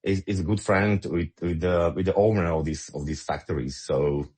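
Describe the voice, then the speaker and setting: A man with a Slovak accent speaks English in an online audio discussion, emphatic and often repeating words as he finds his phrasing. His voice sits extremely low and has a husky, breathy grain. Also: normal speed, darkish tone. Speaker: guest commentator.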